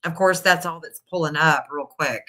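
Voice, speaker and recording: A middle-aged woman with a low voice speaks at a moderate pace in a bright, forceful tone. She's an astrology reader hosting a casual live stream, thinking aloud and reading her searches out as she goes.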